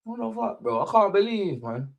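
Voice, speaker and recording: A man's voice: sing-song, moderate pace, creaky. A young man hosting a football watchalong, chatting casually and ranting back at his live chat with a lot of swearing. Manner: rants at live chat, swearing, high-pitched indignation. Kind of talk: live match reaction chat.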